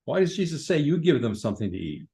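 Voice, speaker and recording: A man's voice: fairly high pitch, big pitch swings, fast, dark tone, rough recording. Man teaching a casual Bible study. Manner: informal, with fillers and restarts, asks the group questions.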